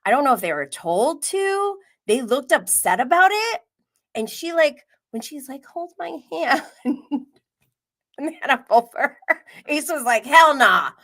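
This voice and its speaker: Woman host of a reality TV live stream: relaxed pace, gossipy, giggly, drops to a whisper at times. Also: high voice, measured pace. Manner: gossipy, chatty, drops to a whisper and laughs often. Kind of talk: casual live-stream commentary.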